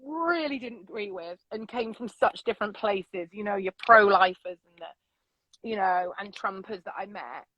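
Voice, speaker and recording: A middle-aged woman telling stories as a guest, loud and unapologetic in how she talks. Her voice sits at an ordinary pitch, and the sound is dry and a little dull, like a remote call. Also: normal speed, no room sound. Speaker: podcast guest. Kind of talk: casual interview chat. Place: vintage bus.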